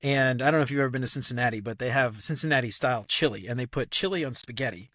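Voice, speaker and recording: A man hosting a podcast, chatty and upbeat, stammering into quick restarts. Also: medium pitch, a bit bright, dry recording, studio quality. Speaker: podcast host. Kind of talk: casual conversational interview.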